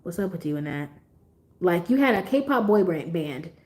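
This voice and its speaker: A woman's voice: on the low side, expressive, moderate pace, a little mellow. A young woman hosting a livestream, chatting casually to her viewers, blunt and profane and laughing often. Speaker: livestream host.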